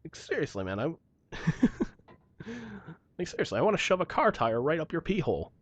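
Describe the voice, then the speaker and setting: A man's voice: fairly high pitch, normal speed, dry recording. Young guy ranting bout work on a podcast, cusses a lot, dry no-room sound. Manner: profane, animated storytelling. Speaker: podcast host. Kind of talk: casual chat.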